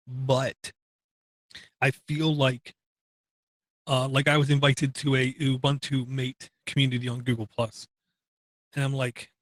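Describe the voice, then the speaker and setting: A man's voice: medium pitch, no echo. An older man co-hosting a casual tech podcast, talking in a blunt, opinionated and grumpy way. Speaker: podcast co-host.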